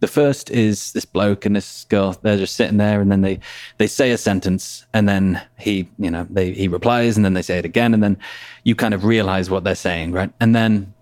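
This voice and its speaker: Chatty low-voiced man, rambling. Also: fairly even intonation, moderate pace, darkish tone, no echo. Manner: rambling, fills with "right?" and "you know". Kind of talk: casual conversational interview.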